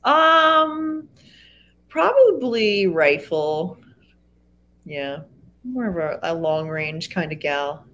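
A woman co-hosting a trivia show, bubbly and quick to laugh and agree. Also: on the low side, big pitch swings, fairly bright tone. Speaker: co-host. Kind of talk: casual banter on a trivia show.

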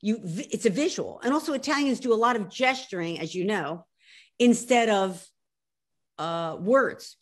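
A woman in her sixties from Philadelphia with a Philly accent, talking as an author guest in a video call interview, animated and emphatic, often restarting her sentences. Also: medium pitch, moderate pace.

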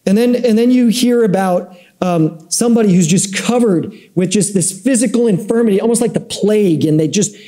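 A man's voice: high-pitched, brisk, hardly any pauses, mellow. A man teaching a Bible class at church in a loose, conversational way, telling stories and joking with the people in the room. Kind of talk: casual Bible class lecture. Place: church classroom with live audience.

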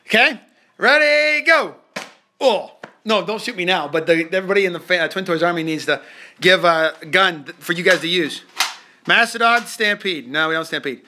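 A man in his thirties hosts a live toy stream from home, a dad with a high, bright and lively voice. He jokes around with his kids and races through viewer comments, often stumbling over his words. Faint noise sits behind him. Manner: loose, joking, reads comments quickly and stumbles. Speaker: family channel host, dad. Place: home, indoors.

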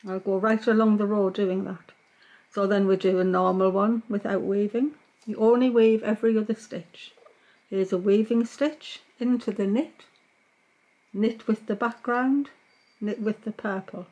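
A woman gives a knitting tutorial, narrating each stitch as she works. Her voice sits in a middle pitch, and she speaks in a calm, patient way. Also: a little slow, highs cut off. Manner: calm, patient, talks while working. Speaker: knitting teacher. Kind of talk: step-by-step craft tutorial.

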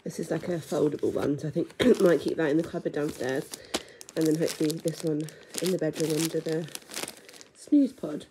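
Young woman vlogging at home, gravelly low voice, chatty, ums a lot. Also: fairly even intonation, fairly quick, noisy background. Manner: casual, lots of ums, drifts into soft whispers. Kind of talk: chatty pregnancy vlog. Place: home, indoors.

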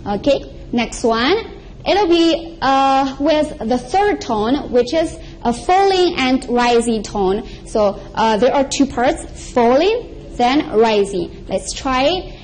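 A woman teaching an elementary language lesson as the show's regular teacher, patiently repeating each sound slowly and clearly for viewers to practice. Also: sits high, animated, a little mellow, slight background noise, low-quality recording. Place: TV studio.

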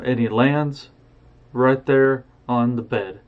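A man's voice: medium pitch, fairly even intonation, takes it slowly. A man retelling a story casually and expressively, with sound effects, on a dull lo-fi recording.

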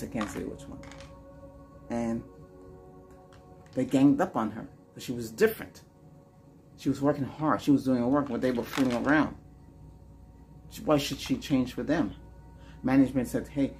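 A man leads a Reiki healing session, repeating soft, slow lines and then drifting into loose, rambling talk. His voice sits at an ordinary middle pitch, with faint music playing underneath. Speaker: Reiki healer and channel host.

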